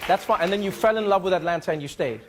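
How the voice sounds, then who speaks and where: High-pitched south african guy riffing with the crowd, audience laughing loud behind him, a bit noisy. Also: racing. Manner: animated, laughing, slipping into silly put-on voices. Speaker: talk show host chatting with audience. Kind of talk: improvised comedic crowd work. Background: crowd laughter and ambience.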